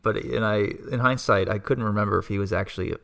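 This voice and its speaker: Low gravelly man, eager chat. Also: fairly bright tone. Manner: enthusiastic, agreeable, quick to add his own takes. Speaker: podcast co-host. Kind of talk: casual chat.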